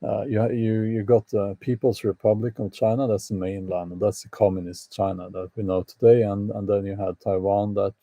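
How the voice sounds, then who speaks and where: A man's voice: lowish voice, fairly even intonation, moderate pace, hardly any pauses, dark tone, dry recording. A man hosting a casual live chat with his viewers, hesitant and full of fillers, with wry opinions and frequent laughs. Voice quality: gravelly, hesitant with many fillers. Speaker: channel host answering live chat.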